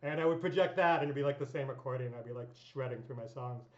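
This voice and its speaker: A woman's voice: a bass voice, fast, a little mellow, a little hiss or hum. A woman in her thirties telling rambling stories in a casual vlog, full of fillers, swearing and laughs. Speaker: vlogger. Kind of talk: casual storytelling monologue. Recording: echoey dull room sound.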